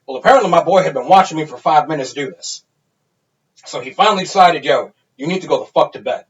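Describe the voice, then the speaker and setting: A man in his thirties spins an animated, profanity-laced party story as a podcast co-host. His voice sits a bit higher than most men's. The recording sounds dull and lo-fi. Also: quick pace. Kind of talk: casual storytelling.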